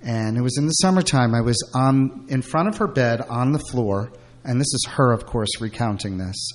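A man's voice: medium pitch, moderate pace. A middle-aged man from Brooklyn, a guest telling candid personal stories in a rambling way, full of fillers and restarts.

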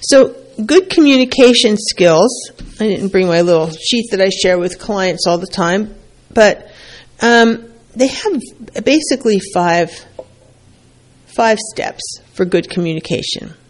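A woman's voice: medium pitch, expressive, measured pace. Plainspoken woman couples therapist. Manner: plainspoken, repeats key points for emphasis. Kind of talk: conversational advice talk.

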